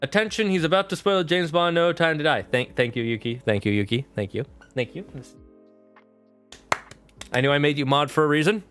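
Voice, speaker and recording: A man's voice: a little high, a little fast, over music. A man streaming live, chatting casually and animatedly with his viewers and mods. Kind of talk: casual livestream chat.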